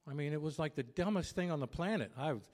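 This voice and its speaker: This pastor in his fifties has a fairly high pitch and a quick pace. Preaching loudly as he always does, he acts out household arguments with animated storytelling.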